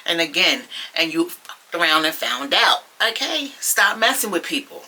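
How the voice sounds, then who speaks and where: A sassy, gossipy woman recaps a reality episode to her viewers. Her voice sits low but rings bright and sharp. She talks in a loose, chatty way, full of "you know" and "y'all.". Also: sing-song, normal speed, poor audio. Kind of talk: casual recap commentary.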